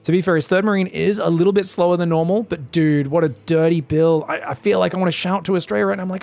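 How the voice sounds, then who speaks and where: Excitable high-voiced male game caster. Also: fast talker, gravelly, hardly any pauses, no echo. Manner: excitable, joking, yells at big plays. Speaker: esports caster. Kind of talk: live game commentary.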